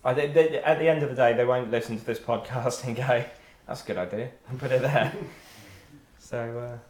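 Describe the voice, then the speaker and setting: A man with a voice of middling pitch hosts a relaxed fan chat, talking freely and laughing often as he moves from one topic to the next. The room around him rings with a noticeable echo. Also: normal speed. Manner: chatty, laughs easily, leads the topics. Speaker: podcast host. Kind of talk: casual chat. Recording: echoey room.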